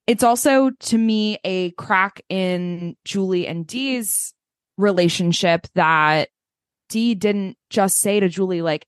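Animated woman podcaster, dry close mic. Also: medium pitch, slow pace, clear, resonant tone, dry recording. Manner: animated, swears, acts out quotes in mocking voices. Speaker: podcast co-host. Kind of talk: casual chat.

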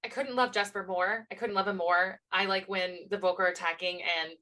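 A woman's voice: mid-range voice, steady tone, a little fast, sharp tone, rough recording. A woman co-hosting a podcast in casual chat, gushing with enthusiastic fan talk. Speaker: podcast co-host.

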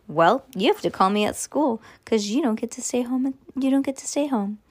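A woman's voice: a little high, normal speed, slightly rough, voice pushed up. Woman reading as a taunting little brother. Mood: teasing. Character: bratty little brother, teasing boy.

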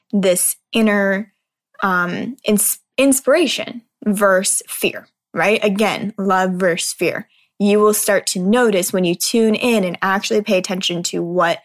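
Earnest woman giving a casual motivational talk. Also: mid-range voice. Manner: earnest, conversational, often checks in with "right?".

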